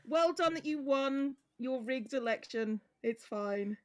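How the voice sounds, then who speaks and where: A woman's voice: high-pitched, expressive, slow pace. A woman co-streaming, teasing and laughing often in casual chat.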